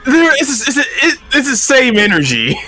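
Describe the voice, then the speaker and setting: A man chatting as a guest on a game stream, excitable and giggly in his banter. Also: very high-pitched, normal speed, soft background music. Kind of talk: casual chat.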